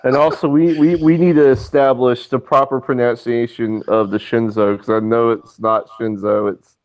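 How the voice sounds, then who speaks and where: A man's voice: medium pitch, fairly even intonation, moderate pace, dry recording, dull audio. A man chatting casually as a panelist on a reaction show, chuckling and hesitating with ums. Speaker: co-host, guest panelist. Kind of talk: casual live reaction chat.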